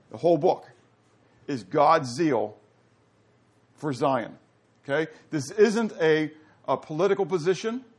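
Animated male Bible teacher quizzing class. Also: on the high side. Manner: animated, quizzes the audience, rising to loud emphasis.

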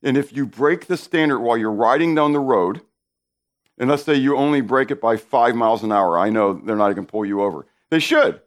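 A man's voice: mid-range voice, expressive, a little fast. A man preaching a sermon, stressing key words by repeating them and speaking directly to his listeners.

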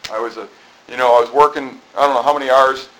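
Bright, chatty preacher man. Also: mid-range voice, steady tone, quick pace, a little hiss or hum, rough recording. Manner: conversational, rambling with asides. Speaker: pastor. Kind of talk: sermon. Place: church.

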